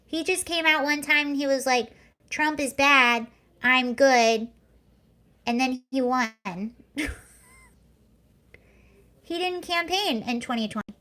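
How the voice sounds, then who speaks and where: A woman's voice: high voice, measured pace, pauses often, a bit bright. Sarcastic woman livestream host. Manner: sarcastic, laughing, reading out viewer comments. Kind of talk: casual chat reacting to clips and comments.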